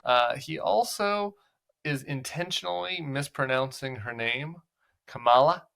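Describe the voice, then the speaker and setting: Male political commentary host, bright voice, sarcastic and conversational. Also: on the high side, expressive, measured pace, creaky.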